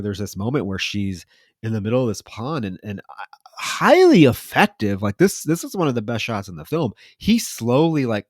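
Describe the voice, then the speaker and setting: A man's voice: fairly low pitch, no room sound, studio quality. A man hosting a podcast, retelling a horror film scene by scene in a loose, profane way. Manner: lively, profane retelling with mock voices. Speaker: podcast host. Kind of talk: casual movie recap chat.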